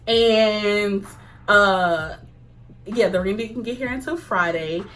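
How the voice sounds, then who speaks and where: A young woman chatting casually to camera, animated, acting out quoted lines and laughing often. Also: medium pitch, slow. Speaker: vlogger. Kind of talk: casual storytime chat.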